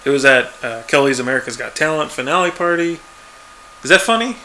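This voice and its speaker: A man's voice: mid-range voice, a little fast, bright, forceful tone, slight background noise. A man chatting casually as a podcast co-host, laid-back and chuckling, acting out quoted lines. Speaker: podcast co-host recapping a TV episode. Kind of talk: casual chat.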